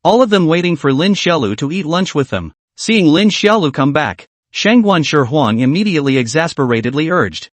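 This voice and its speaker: A man narrating a translated comic story recap in an even, read-aloud storytelling manner. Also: on the high side, moderate pace, hardly any pauses, no echo.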